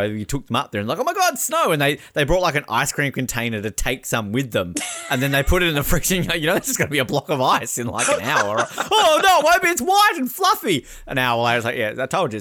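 A man's voice: medium pitch, pushed and bright. A man with an Australian accent co-hosting a podcast, chatting casually and wryly with the odd swear word. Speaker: podcast co-host. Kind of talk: casual chat.

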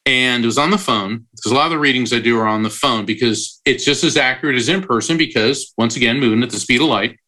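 A man who is a psychic medium talks fast and with few pauses in a sharp, mid-range voice while being interviewed. He explains at length through analogies and is prone to digressions and restarts.

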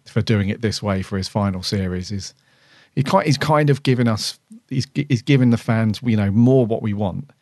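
Male podcast co-host, deep and gravelly, chatty and opinionated. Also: moderate pace, darkish tone, no echo, studio quality. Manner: chatty, opinionated, lots of "you know". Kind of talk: casual chat.

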